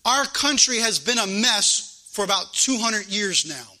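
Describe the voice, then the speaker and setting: A man preaches a fervent sermon, driving points home by repeating them. His voice sits high for a man. His tone is piercingly bright and sharp. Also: animated, a little slow, low-quality recording. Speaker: pastor.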